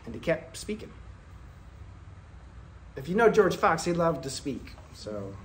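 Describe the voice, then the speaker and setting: A man delivering a Quaker sermon in a storytelling manner, moving between loud bursts and soft, low asides. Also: very animated, unhurried. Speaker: speaker at a Quaker meeting.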